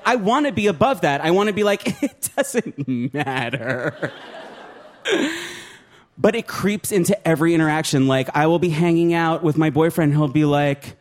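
A man doing a stand-up set, self-mocking and shouting his punchlines. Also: high voice. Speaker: stand-up comedian. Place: live comedy show before an audience.

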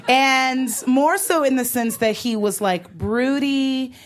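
A woman's voice: high-pitched, slow pace. A young woman hosting a podcast, chatting casually and poking fun at her younger self. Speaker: podcast host. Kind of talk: casual chat.

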